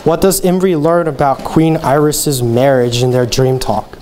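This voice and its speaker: A man's voice: mid-range voice, steady tone, measured pace, mellow, slight background noise. A teenage boy presenting a classroom vocabulary lesson, enunciating each word carefully and reading out definitions. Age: teens. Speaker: student presenter.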